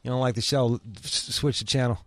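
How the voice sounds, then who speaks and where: A man's voice: mid-range voice, fairly even intonation, a little fast. A man hosting a radio show, bantering crudely in a brash, profane, needling way.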